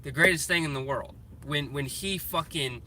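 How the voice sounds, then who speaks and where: A man's voice: fairly high pitch, normal speed. A man venting in a casual vlog, swearing freely and restarting his sentences as he rants in frustration while in a car. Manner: profane, frustrated ranting with many restarts. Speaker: vlogger. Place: in a car in traffic. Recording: loud road and traffic noise.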